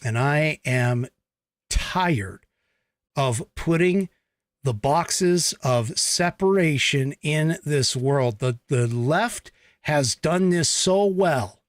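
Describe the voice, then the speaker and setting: A man's voice: a little high, animated, drawn-out words, no room sound, clean studio sound. A man from the United States hosting a podcast, giving a blunt, emphatic political commentary monologue with profanity. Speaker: podcast host.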